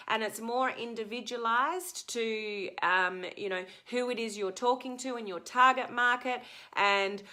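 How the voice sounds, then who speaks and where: Chatty middle-aged Australian woman, bright tone, live-stream coach answering viewers. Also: on the high side. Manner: chatty, answers viewer comments, frequent ums. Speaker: social media coach.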